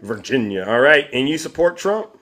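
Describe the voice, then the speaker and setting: A man's voice: mid-range voice, very animated, moderate pace, fairly bright tone. A man hosting a live stream, arguing with callers and talking to his chat audience. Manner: combative, addresses chat and audience. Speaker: livestream host.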